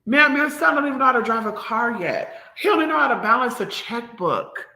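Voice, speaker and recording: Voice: medium pitch, expressive, fairly quick, bright, forceful tone, echoey room. A vlogger ranting to the audience in a sassy, profane, emphatic way. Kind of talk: ranting commentary to camera.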